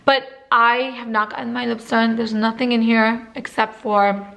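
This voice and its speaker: Young female beauty vlogger, chatty to-camera Q&A, slightly high voice. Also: flat delivery, normal speed, creaky, fairly bright tone. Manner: chatty, lots of fillers. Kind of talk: casual to-camera Q&A.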